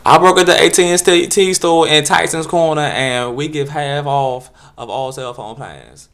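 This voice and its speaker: A man's voice: fairly high pitch, fairly even intonation, measured pace, a bit bright, voice pushed up. Man doing a sing-song pushy phone salesman. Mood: salesy. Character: flamboyant young male phone salesman, pushy.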